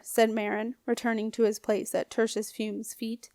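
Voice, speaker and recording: A woman's voice: medium pitch, little pitch movement, measured pace, hardly any pauses, darkish tone, no room sound, studio quality. Woman reading a children's novel aloud. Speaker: audiobook reader. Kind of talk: storybook narration.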